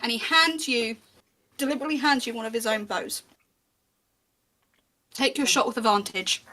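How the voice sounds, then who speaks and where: A woman running a tabletop game as game master, narrating scenes in a chatty, descriptive way. Her voice is high and bright, with a sharp edge. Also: normal speed. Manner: descriptive, chatty, with small restarts.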